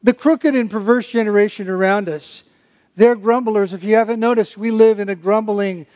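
A man preaching a sermon, emphatic, slowing down to stress key phrases and mimicking grumbling with muttered sounds. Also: high voice, fairly even intonation, a little mellow.

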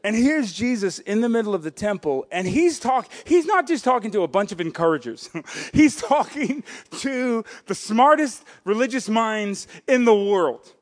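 Man, pastor, sermon, somewhat high voice, animated, joking, laughs often. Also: normal speed.

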